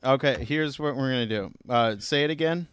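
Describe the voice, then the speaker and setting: Smooth-voiced Canadian man, casual chat. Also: mid-range voice, a bit bright, no room sound, studio quality. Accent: Canadian English. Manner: easygoing, self-deprecating, halting restarts. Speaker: podcast host.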